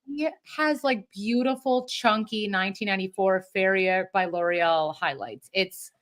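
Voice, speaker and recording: A woman co-hosting a sports podcast, chatting casually with quick, animated asides. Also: medium pitch. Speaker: podcast co-host. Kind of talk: casual chat.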